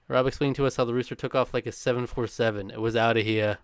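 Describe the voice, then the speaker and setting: A man's voice: mid-range voice, fairly even intonation, clear, resonant tone, no echo. A man co-hosting a podcast, reading a countdown script with a chuckle now and then, mixed with casual chat. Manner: brisk, chuckling between lines.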